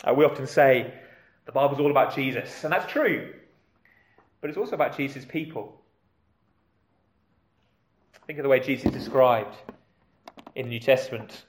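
A man's voice: mid-range voice, normal speed, long pauses, roomy sound. A man preaching a sermon in a conversational way, with rhetorical questions and questions put to the children.

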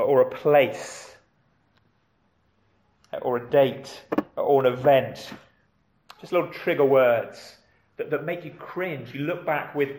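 A man's voice: mid-range voice, echoey room. A man preaching a sermon in a conversational way, with rhetorical questions and questions put to the children.

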